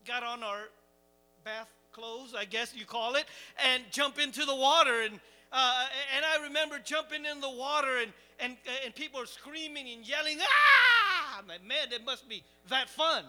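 A man preaching, telling a lively, self-mocking camping story to his congregation. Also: very high-pitched, moderate pace, faint music behind. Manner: animated, self-deprecating storyteller. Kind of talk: storytelling sermon.

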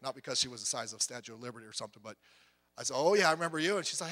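A man in his fifties preaching a sermon, telling stories with animated voices and swinging from loud to hushed. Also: a little high, rapid-fire. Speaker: pastor. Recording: long hall reverb.

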